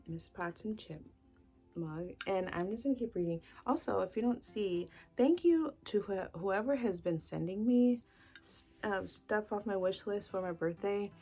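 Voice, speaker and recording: A woman's voice: lowish voice, creaky, a little mellow. A woman book vlogger talking in a casual, gushing way, full of "like" fillers. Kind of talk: casual chatty book talk.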